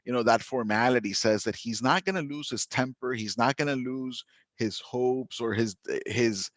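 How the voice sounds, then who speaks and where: A man teaching a literature lesson, talking in a lively, chatty way with frequent laughter and restarts. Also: mid-range voice, moderate pace, no room sound. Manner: animated, chatty, laughs often, many restarts. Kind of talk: recorded classroom lesson.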